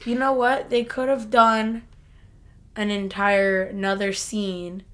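A woman's voice: medium pitch, level tone, takes it slowly, fairly bright tone. Laid-back young woman in casual chat. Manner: laughs often, loose and rambling.

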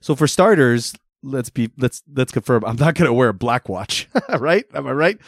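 A man's voice: mid-range voice, animated, normal speed, no echo, studio quality. A man co-hosting a casual chat, spinning a playful story and laughing often. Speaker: podcast co-host.

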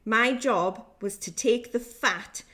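A woman's voice: a little high, slow pace, bright, forceful tone. A young woman co-hosting a casual chat podcast, swearing freely, laughing often and reading out listener stories. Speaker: podcast co-host.

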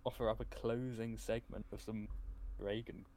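A man's voice: lowish voice, flat delivery, moderate pace, darkish tone, slight background noise. A man co-hosting a casual podcast, joking and laughing a lot. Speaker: podcast co-host. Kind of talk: casual chat.

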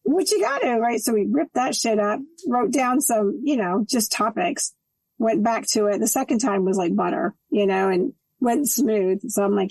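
A middle-aged woman who is a guest on a podcast, chatting casually and telling animated stories, acting out quoted dialogue and swearing freely. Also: mid-range voice, normal speed, dry recording, rough recording.

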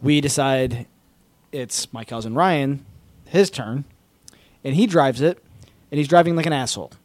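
Brief: mid-pitched man, relaxed storyteller, swears freely, gets loud at the punchline. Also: measured pace, no echo. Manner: profane, builds to loud laughing excitement. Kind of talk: casual storytelling.

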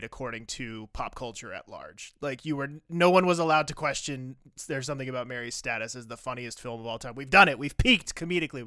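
A man co-hosting a casual podcast and recapping a TV episode in a wry, animated way. His voice is bright and crisp, recorded close and dry with no room around it. He swings between loud outbursts and muttered asides. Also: mid-range voice, no echo. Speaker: podcast co-host.

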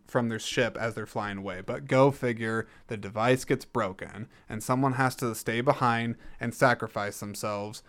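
A man hosting a casual film review, rambling and jokey, correcting himself as he goes. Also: mid-range voice. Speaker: podcast host reviewing a film.

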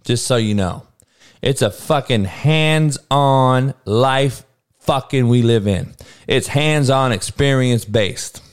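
A man's voice: medium pitch, slow pace, clear, resonant tone. A man hosting a podcast, ranting about sports in a blunt, combative, heavily profane way and repeating his points for emphasis. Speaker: podcast host. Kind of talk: sports commentary rant.

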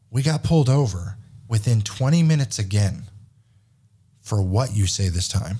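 A man in his thirties, a podcast host telling a story in casual chat, animated and profane, acting out the dialogue. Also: fairly low pitch, normal speed, husky.

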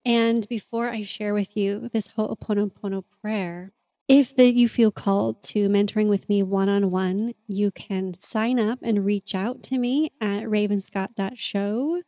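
A woman's voice: mid-range voice, fairly even intonation, a little slow, dark tone, dry recording. A woman hosting a podcast, talking in an earnest, open and confessional way in a reflective monologue. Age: adult parent. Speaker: podcast host and mentor.

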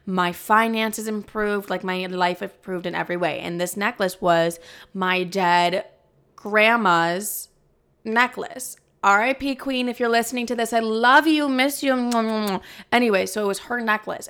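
A woman's voice: medium pitch, fairly bright tone. A woman in her twenties hosting a podcast, chatting casually with crude, self-mocking humor. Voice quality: gravelly vocal fry. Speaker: podcast host. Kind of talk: casual chat. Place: home, street noise outside.

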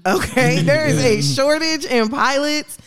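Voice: high-pitched, a little slow, fairly bright tone. A podcast co-host chatting casually, swearing and laughing as they tell a story. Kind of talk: casual chat.

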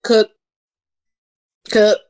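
A woman's voice: extremely slow, a little mellow. A woman guest on a podcast, chatting about cooking in a laid-back, easygoing way. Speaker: guest, food content creator. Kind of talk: casual podcast chat.

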